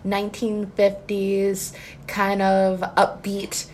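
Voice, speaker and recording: A woman's voice: mid-range voice, completely flat delivery, slow pace, darkish tone, a little hiss or hum. A woman co-hosting a podcast in casual chat, playful and mock-offended in her banter. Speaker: podcast co-host.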